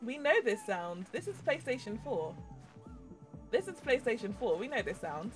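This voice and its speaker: Excitable high-voiced woman game streamer. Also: normal speed. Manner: excitable, talks to game characters, squeals and shrieks when startled. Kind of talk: live gameplay commentary. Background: faint game music.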